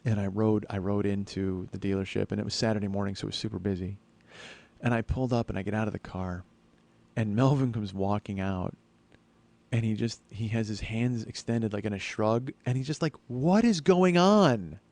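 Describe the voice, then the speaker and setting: A man's voice: on the low side, steady tone, a little fast, gravelly, darkish tone. A man in his forties hosting a comedy podcast, telling a long profane story and slipping into exasperated rants. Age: 40s. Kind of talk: profane comic storytelling monologue.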